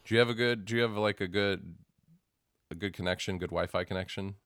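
A man's voice: sits low, fairly quick, a bit bright, no echo, clean studio sound. A man co-hosting a podcast, chatting casually and rambling, often restarting his sentences. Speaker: podcast co-host. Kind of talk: casual chat.

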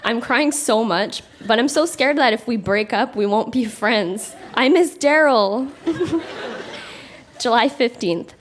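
A young Canadian woman stands on a theatre stage reading her teenage diary aloud, her voice sitting a little high. She keeps breaking into laughter between entries. A faint hiss runs underneath. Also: animated, takes it slowly. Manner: amused, breaks into laughter often. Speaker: guest reader.

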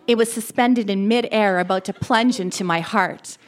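Woman reading a dark story aloud. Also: mid-range voice, moderate pace. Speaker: reader.

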